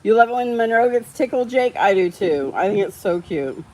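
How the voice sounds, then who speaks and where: A woman's voice: mid-range voice, expressive, moderate pace, darkish tone, low-quality recording. A woman hosting a casual live stream, chatting with viewers, reading out their comments and getting heated about how dogs are treated. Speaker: livestream host.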